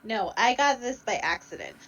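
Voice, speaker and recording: Lively high-voiced woman. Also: normal speed, lo-fi sound. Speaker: player. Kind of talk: casual tabletop game chat.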